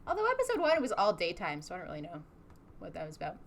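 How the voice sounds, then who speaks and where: A woman's voice: fairly low pitch, huge pitch swings, racing, creaky. Chatty woman hosting a livestream. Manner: chatty, laughing often. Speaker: animator hosting a patron livestream. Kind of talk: casual livestream chat.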